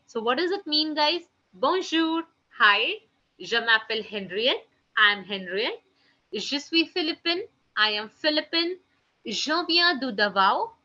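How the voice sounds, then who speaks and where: Bright-voiced woman teaching French. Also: high-pitched. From India. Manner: keeps addressing the class as "guys", repeats each French phrase twice. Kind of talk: live online class. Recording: lo-fi online class audio.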